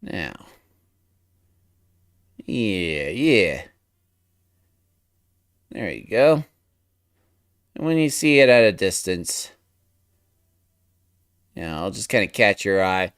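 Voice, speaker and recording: A man's voice: fairly low pitch, sing-song, takes it slowly, long pauses, fairly bright tone, dry recording, clean studio sound. Man murmuring to himself while drawing. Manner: thinking aloud, muttering to himself, playful. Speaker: streamer drawing live. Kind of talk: casual chat while drawing.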